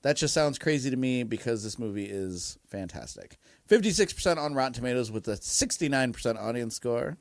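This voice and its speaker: A man's voice: mid-range voice, fairly quick, creaky, no room sound. Man, podcast co-host, casual movie chat, laughs a lot, dry close sound. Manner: laughs often, animated storytelling.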